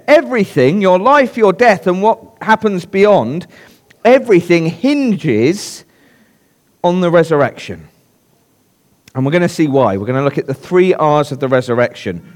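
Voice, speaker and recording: A man preaching a sermon, emphatic and repeating phrases for stress. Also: a little high.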